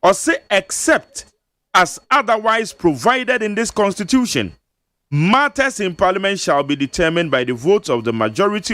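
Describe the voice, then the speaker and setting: A man's voice: high voice, expressive, normal speed, a bit bright, no room sound. A Ghanaian man hosting a radio talk show, reading legal text and explaining it step by step with emphasis. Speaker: radio host. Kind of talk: radio talk-show discussion mixing Twi and English. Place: radio studio.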